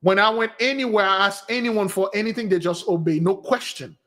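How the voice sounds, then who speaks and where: Man, high-pitched, casual spiritual talk host, rambling storyteller, animated, answers viewer questions. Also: fairly quick. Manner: rambling and animated, restarts mid-sentence; jumps to a higher voice when quoting women.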